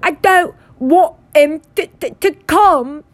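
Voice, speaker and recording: Spoiled bratty boy, a woman doing him, whiny, stammery fake sobbing, pitched up. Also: takes it slowly, dry recording. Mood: whining.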